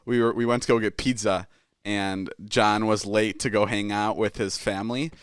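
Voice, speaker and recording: A man's voice: lowish voice, fairly even intonation, moderate pace, smooth, dry recording, clean studio sound. A man in his twenties hosting a podcast, telling a story casually with lots of swearing and fillers. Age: 20s. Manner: rambling, heavy swearing, many fillers. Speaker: podcast host.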